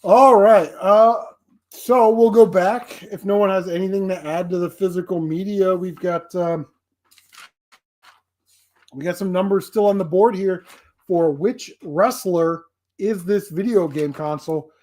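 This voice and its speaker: A man's voice: sits high, a little slow, darkish tone. A man hosting a casual live stream, rambling and laughing often. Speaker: streamer host.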